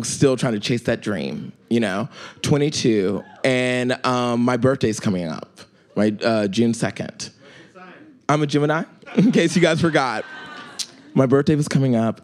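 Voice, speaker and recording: A young man in his twenties spins a rambling, profane comic story, full of ums and likes. He leaps up high to stress a point and sinks low and quiet when he quotes people. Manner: animated, profane, rambling with many fillers.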